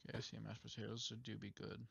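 A man's voice: lowish voice, flat delivery, fast, gravelly, a bit bright, breathy edge, no echo, lo-fi sound. A young man playing games with a friend on a livestream, talking bluntly and swearing a lot. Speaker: co-player on stream. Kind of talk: casual gaming chat.

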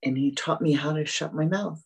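A spiritual teacher giving a meditative dharma talk, gentle and repetitive, often fading to soft murmurs. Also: medium pitch, moderate pace, creaky, husky, poor audio.

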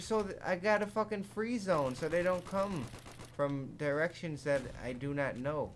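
A man giving live commentary over a zombie game, excitable and jumpy, swearing often and laughing at his own jokes. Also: fairly high pitch, normal speed, a little hiss or hum. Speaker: gaming commentator.

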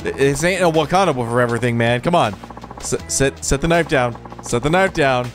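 A man streaming gameplay live, joking and rambling through commentary, yelping when excited, with a sore throat. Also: mid-range voice, moderate pace, soft background music. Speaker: gaming streamer.

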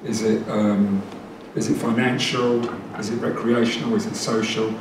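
A man gives a chatty, lively talk to a meeting room, his voice carrying through a very echoey space. He is caught from a distance, with clear background noise underneath. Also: fairly low pitch, moderate pace. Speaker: presenter.

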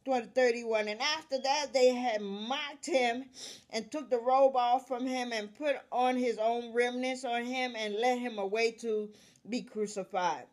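A woman reading scripture aloud verse by verse, calling out verse numbers and restating each passage in plain words, with pauses where she coughs. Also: fairly high pitch, fairly even intonation. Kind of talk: Bible reading with commentary.

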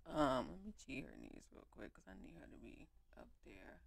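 Lively gravelly woman gaming commentator. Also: deep voice, normal speed, hardly any pauses, dry recording. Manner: animated, slangy reactions to the game. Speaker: gaming YouTuber. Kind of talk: let's play commentary.

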